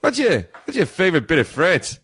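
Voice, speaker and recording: Man impersonating an eager older actor, high, halting, over-friendly small talk. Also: wildly swooping pitch, fairly bright tone, breathy edge, dry recording, exaggerated voice.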